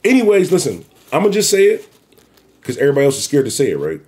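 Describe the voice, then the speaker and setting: A man hosting his own commentary show, talking bluntly and profanely in a rambling, animated way. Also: on the high side, quick pace. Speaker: YouTube commentary host. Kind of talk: casual commentary rant.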